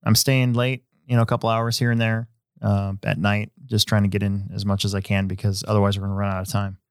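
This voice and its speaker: Low-voiced man, rambling podcast host. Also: fast, clear, resonant tone, dry recording, clean studio sound. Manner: rambling, relaxed, many fillers and restarts. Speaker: hobby shop owner. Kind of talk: casual podcast chat.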